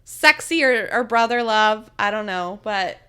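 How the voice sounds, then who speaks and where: A woman's voice: medium pitch, expressive, a little slow, pushed and bright, clear, resonant tone. A woman co-hosting a podcast in casual chat, often chiming in with short agreements. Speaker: podcast co-host.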